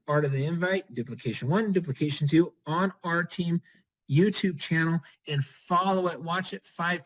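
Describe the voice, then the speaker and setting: A man's voice: on the high side, low-quality recording. A man leading a motivational pep talk on a group call, urging his team on with short, repeated commands. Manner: energetic, repetitive, urging listeners with short commands. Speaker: team leader on a network-marketing call.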